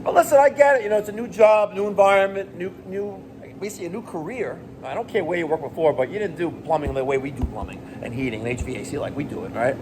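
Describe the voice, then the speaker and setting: A man's voice: high voice, fast, hardly any pauses, noisy background. Profane New man ranting. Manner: animated, profane, exasperated ranting. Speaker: plumbing business owner. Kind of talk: rant vlog to camera.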